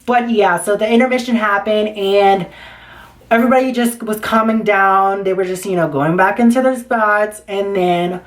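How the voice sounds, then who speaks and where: A woman's voice: medium pitch, moderate pace. A young woman vlogger telling a story in a casual, chatty way, swearing freely and acting out the dialogue as she goes.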